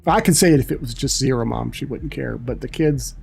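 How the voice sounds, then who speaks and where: A man's voice: mid-range voice, a little fast, creaky, a little mellow, breathy edge, faint music behind. A middle-aged man chatting casually on a livestream, telling rambling, profane stories. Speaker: livestream host. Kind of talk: casual chat.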